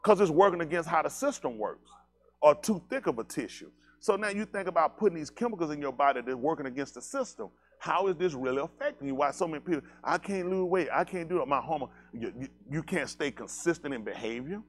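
A man preaching to his congregation in a blunt, animated, conversational way, using slangy speech, asking listeners questions, and often laughing. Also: on the high side, quick pace. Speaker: pastor.

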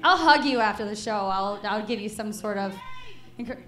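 A woman's voice: medium pitch, moderate pace, sharp tone. A woman from Chicago performing a stand-up comedy set in a comedy club, teasing the audience. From Chicago, USA. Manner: crowd work, teasing the audience. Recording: roomy club recording.

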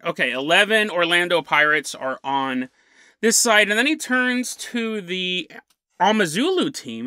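Guy hosting a spooky podcast, super lively pitch, laughs while he talks, bright voice. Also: normal speed, no echo. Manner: animated storyteller who chuckles mid-sentence. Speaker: podcast host. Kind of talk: paranormal podcast storytelling.

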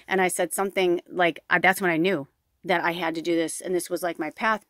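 A woman's voice: on the low side, no echo, studio quality. A woman in her thirties, a spiritual medium giving a casual, frank reading, swearing freely and telling her own stories with lots of fillers. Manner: frank, profane, animated storytelling.

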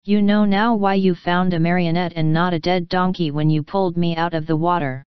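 A woman's voice: on the low side, fairly even intonation, a little fast, clean tone, dry recording, dull audio, lightly acted. A woman voicing a cheeky wooden puppet boy, telling his tale playfully in a storybook reading.

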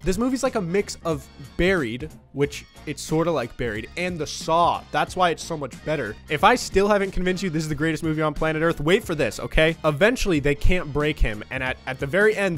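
Sarcastic young man hyping a movie. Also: on the high side. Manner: sarcastic, mock-enthusiastic, profane. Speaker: YouTuber. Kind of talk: comedic movie review. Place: room at home.

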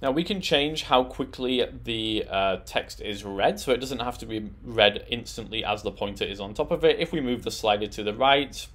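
A man presenting a tech tutorial, talking through settings in a relaxed, explanatory way with frequent "um" and "uh". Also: medium pitch, normal speed, hardly any pauses. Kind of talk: screen-recorded software walkthrough.

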